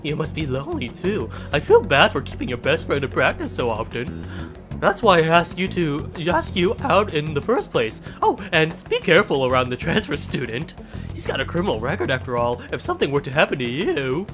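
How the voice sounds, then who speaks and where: Man doing a smarmy, condescending teacher, higher and pushier than his own voice. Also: sing-song, fairly quick, music in the background. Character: smug, domineering male gym teacher.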